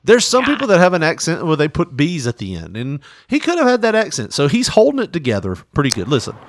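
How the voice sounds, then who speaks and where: A man's voice: on the high side, quick pace, dry recording, clean studio sound. A man hosting a casual comedic chat. He laughs often and slips into mocking impressions. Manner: laughs a lot, animated, does mocking impressions.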